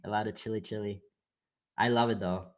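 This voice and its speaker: A man's voice: on the low side, steady tone, fairly quick. A man with a German accent hosting a trading livestream, chatting casually and hyping viewers, calling them bro. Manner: hyped and slangy, calls viewers bro.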